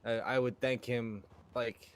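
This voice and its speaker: A man at an in-game memorial, speaking haltingly and heartfelt, stumbling over words. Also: mid-range voice, fairly even intonation, clean tone. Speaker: gamer at a memorial. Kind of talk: casual gaming chat.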